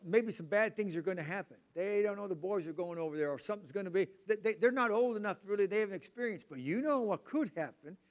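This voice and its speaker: An older man, preaching in a casual, rambling way, repeating words and talking to the congregation. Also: high-pitched. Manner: rambling, repeats words, chatty asides to the audience. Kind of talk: casual sermon talk.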